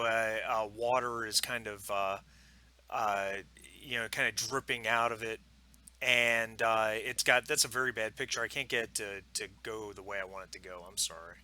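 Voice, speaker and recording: A man's voice: lowish voice, sharp tone. A man narrating and explaining the rules as game master of a tabletop game, talking loosely with many fillers. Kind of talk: running a tabletop game online.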